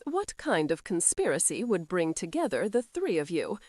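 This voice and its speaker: A woman narrator voicing a mocking, arrogant young male earl who speaks in a slow, sarcastic drawl. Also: lowish voice, sing-song, darkish tone, no echo, studio quality. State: injured, sore ribs.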